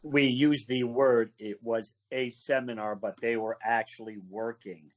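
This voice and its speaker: A man's voice: mid-range voice, unhurried, muffled recording. A man telling road stories over a video call, acting out other people's lines as he goes. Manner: animated storyteller acting out quoted voices. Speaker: wrestling referee, guest.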